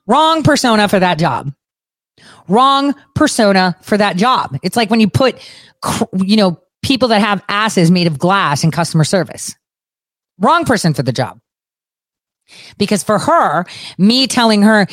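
A young woman giving a profane, sarcastic political rant in an animated, fast-shifting voice. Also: medium pitch, no room sound, clean studio sound. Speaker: political commentator. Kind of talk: ranting commentary.

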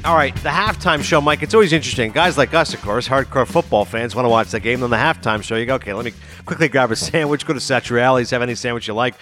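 A man's voice: mid-range voice, fast talker, few pauses, music in the background. A man co-hosting a casual sports talk show, telling stories and acting out movie lines. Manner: animated storyteller, mimics lines. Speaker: podcast co-host.

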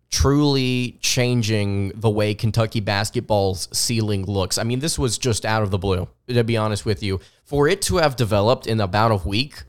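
Young male sports podcaster, mild Southern accent, smooth resonant tone, mid pitch, eager off-the-cuff delivery. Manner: enthusiastic, repeats words when restarting. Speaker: podcast host.

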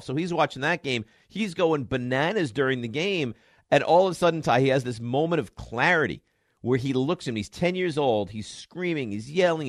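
Guy hosting sports radio, voice swings all over, dry studio sound. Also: no echo. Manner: animated storytelling, jumps between loud and low. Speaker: radio sports show host. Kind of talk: lively sports radio banter. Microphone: studio mic.

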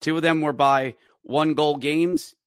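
A man's voice: fairly high pitch, fairly even intonation, a little slow, clean tone, no echo, studio quality. A man hosting a fan podcast, recapping hockey games in play-by-play style with wry, bitter sports-fan humor. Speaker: podcast host.

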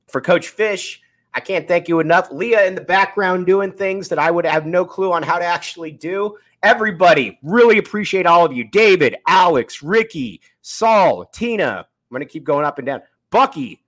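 A sports podcast host with a raspy, worn voice that sits a bit higher than most men's. He rambles along in a loose, upbeat manner, talking off the cuff. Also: expressive, moderate pace, fairly bright tone. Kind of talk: casual sports talk, live show sign-off.

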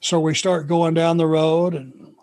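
A middle-aged man from Georgia, a former wrestler telling road stories in a relaxed, anecdotal way. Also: fairly high pitch, unhurried, creaky. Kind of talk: podcast storytelling.

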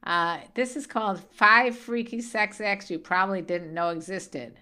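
A woman's voice: mid-range voice, normal speed, bright, forceful tone. A middle-aged woman co-hosting a podcast with her adult child, chatting casually in a teasing, playful way and laughing easily. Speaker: podcast co-host, host's mother. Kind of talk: casual chat. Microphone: podcast studio mic.

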